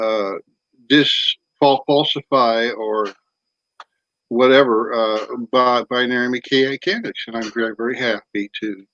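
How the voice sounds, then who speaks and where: A middle-aged man chatting as a guest on a video call, halting with many restarts. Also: mid-range voice, fairly bright tone, dry recording, highs cut off. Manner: halting, many restarts, eating while talking. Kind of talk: casual video-call chat.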